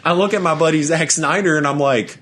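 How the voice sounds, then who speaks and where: A man's voice: a little high, fairly quick, fairly bright tone. A young man, co-hosting a podcast and telling rambling stories in casual chat, laughing often and stumbling over his words. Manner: rambling, laughs through his own stories, stammers and restarts. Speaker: podcast co-host.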